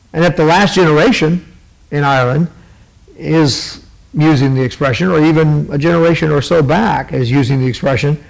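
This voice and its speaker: A man's voice: on the high side, creaky, low-quality recording. A man hosting his own podcast, talking casually and rambling with many fillers and restarts, sipping water to keep a cough at bay. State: fighting a cough. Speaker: podcast host. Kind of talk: casual commentary to camera.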